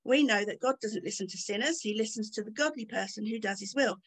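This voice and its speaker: A woman's voice: medium pitch, quick pace, slightly rough. A woman reading aloud as a formerly blind man who answers boldly and with emphasis. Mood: defiant.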